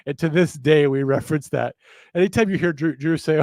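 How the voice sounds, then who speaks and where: A man's voice: mid-range voice, steady tone, fast, darkish tone, dry recording. A man hosting a live chat, rambling and self-mocking, laughing often. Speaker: show host.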